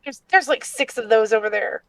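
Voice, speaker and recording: A woman's voice: a little high, brisk, fairly bright tone, low-quality recording. A woman playing a tabletop game, talking in a wry, matter-of-fact way. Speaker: player. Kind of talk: casual game chat.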